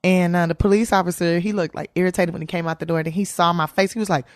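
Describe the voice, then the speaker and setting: A woman's voice: lowish voice, fairly even intonation, fast talker, no room sound, studio quality. A woman, a comedian guest, telling a candid story in an interview with slangy, profane speech and frequent laughter.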